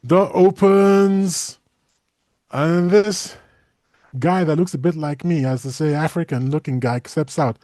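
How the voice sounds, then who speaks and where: Animated high-voiced man chatting. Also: measured pace, no room sound, clean studio sound. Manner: animated, laughs often, acts out silly voices. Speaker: co-host. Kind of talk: casual chat.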